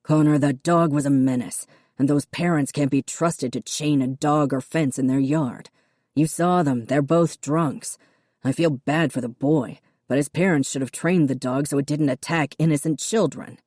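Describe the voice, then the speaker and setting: A woman's voice: sits low, normal speed, darkish tone, no room sound, studio quality. A woman narrator voicing a harsh, wealthy middle-aged father who talks in curt, contemptuous snaps. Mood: lecturing. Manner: snapping, clipped and contemptuous.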